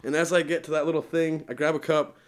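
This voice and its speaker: A man sits in as a podcast guest and tells a long personal story casually, his voice pitched a little high for a man. He is animated, laughs often, and fills his talk with "like". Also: quick pace, clear, resonant tone. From Utah.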